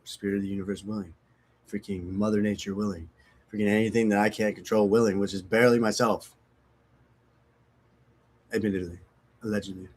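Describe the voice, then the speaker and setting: A man's voice: on the low side, little pitch movement, fairly quick, pauses often, a little mellow, slight background noise. A man talking candidly and casually about recovery, frank and profane, rambling and self-mocking, sniffly from opiate withdrawal. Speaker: recovery vlogger. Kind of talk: casual candid talk to camera.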